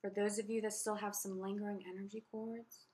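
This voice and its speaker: Her voice sits in the mid range, level and brisk, with a darkish tone. She's a woman doing a tarot reading on camera, spiritual and effusive, talking directly to the viewer and stressing her words.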